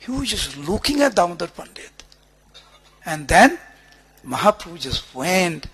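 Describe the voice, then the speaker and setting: High-voiced man telling a sacred story. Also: sing-song, normal speed, a bit bright. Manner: dramatic storyteller, coaxes the crowd to respond. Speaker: speaker on a pilgrimage tour. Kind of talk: devotional storytelling sermon.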